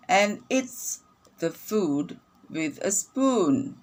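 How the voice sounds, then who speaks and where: A woman teacher reading a phonics lesson aloud to young children, repeating each sentence slowly and clearly. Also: lowish voice, lively intonation, darkish tone.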